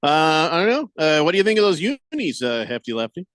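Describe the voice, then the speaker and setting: A man's voice: fairly high pitch, sing-song, a little fast, fairly bright tone, no room sound. A man hosting a sports radio show, chatting casually with jokes and sarcasm. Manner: joking, sarcastic, acts out quotes.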